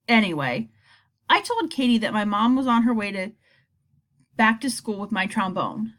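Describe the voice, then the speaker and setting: Brief: woman reader, fairly high, very lively pitch, expressive storybook narration. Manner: expressive first-person storytelling. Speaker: audiobook reader. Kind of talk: reading a children's novel aloud.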